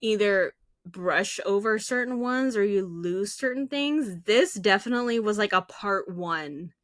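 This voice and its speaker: A woman co-hosting a casual podcast, talking in a loose, chatty way full of fillers. Her voice sits at an ordinary middle pitch. The sound is dry and close, with no room around it. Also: a little slow, dry recording. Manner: chatty and animated, with many fillers. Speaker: podcast co-host.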